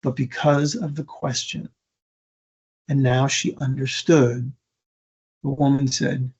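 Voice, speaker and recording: A man's voice: mid-range voice, little pitch movement, takes it slowly, a little mellow. A man giving an earnest storytelling talk as a speaker, emphatic and with stammering restarts. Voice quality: gravelly, husky. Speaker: keynote speaker. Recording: dull lo-fi recording.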